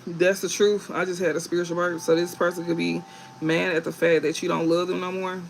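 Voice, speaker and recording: Man, tarot reader on a live stream: high voice with a gravelly edge, blunt, cusses freely, laughs a lot. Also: level tone, a little fast, a little hiss or hum, poor audio. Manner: blunt, profane, laughs often; emphatic repetition.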